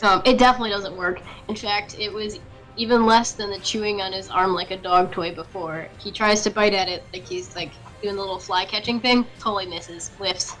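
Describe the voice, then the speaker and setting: A woman's voice: mid-range voice, steady tone, a little fast, fairly bright tone, soft background music, low-quality recording. A woman narrating as game master of a tabletop game, casual with frequent ums and light laughter. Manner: casual, giggly, many ums.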